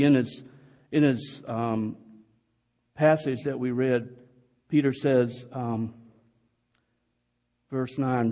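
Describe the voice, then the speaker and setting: A pastor delivering an earnest sermon in a church, speaking slowly with occasional loud calls to the congregation. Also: male voice, medium pitch. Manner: slow, earnest preaching with sudden loud calls. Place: church sanctuary. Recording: dull, distant sound in a reverberant hall.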